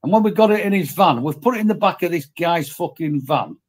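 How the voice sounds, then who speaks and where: A man's voice: fairly high pitch, animated, fairly quick. A man telling blunt workplace stories with heavy swearing as a guest in casual talk. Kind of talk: casual storytelling.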